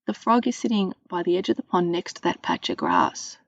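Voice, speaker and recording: A woman's voice: on the low side, huge pitch swings, fairly quick, gravelly, dry recording, highs cut off, exaggerated voice. A woman reading a storybook voicing a cheerful, eager young girl.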